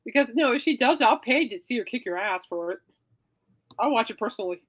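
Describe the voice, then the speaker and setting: A woman's voice: fairly high pitch, animated, a little fast, fairly bright tone. A woman hosting a podcast in casual chat, playful and teasing, rambling from joke to joke. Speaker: podcast host.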